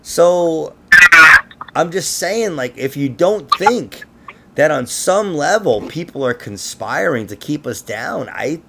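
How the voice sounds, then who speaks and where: A man's voice: fairly high pitch, expressive, takes it slowly, creaky, noisy background. A man hosting a casual conspiracy podcast, rambling and laughing, with frequent swearing. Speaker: podcast host.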